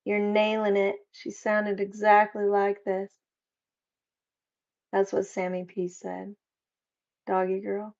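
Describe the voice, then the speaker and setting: A woman hosting a casual live chat, reading out viewers' comments and joking around with a quick laugh. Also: medium pitch, monotone, creaky, darkish tone. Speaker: livestream host. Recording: slightly dull lo-fi stream audio.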